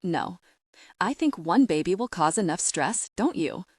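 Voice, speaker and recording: A woman doing a gruff, terse giant of a bodyguard. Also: lowish voice, lively intonation, a little slow, darkish tone, no room sound, studio quality. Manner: grunting, terse. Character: huge gruff male bodyguard, blunt and unemotional.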